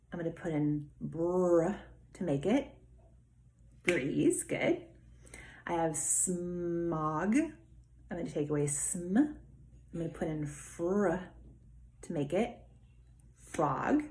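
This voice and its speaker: A woman teaching a remote phonics lesson, sounding out words slowly and clearly and praising her pupils. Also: lowish voice, lively intonation, dark tone. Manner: slow, clearly enunciated, encouraging teacher talk.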